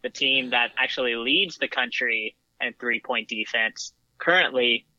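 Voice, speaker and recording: A man's voice: mid-range voice, unhurried, pushed and bright, no room sound, dull audio. A man co-hosting a sports podcast, casually reading out stats and hedging his opinions. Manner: thoughtful, hedging, reads out stats. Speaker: podcast co-host.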